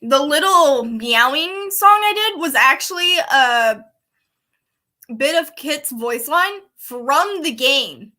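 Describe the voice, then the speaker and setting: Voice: high-pitched, expressive, slow pace, bright, forceful tone. A playful reader and voice impressionist who reads a story aloud, breaks off to chat, and giggles often. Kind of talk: casual read-aloud with chatter.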